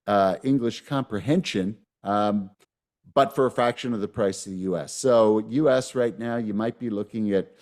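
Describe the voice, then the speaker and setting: A man co-hosting a webinar, talking in a relaxed conversational way with many fillers. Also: fairly low pitch, gravelly. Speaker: webinar co-host. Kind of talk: casual webinar talk.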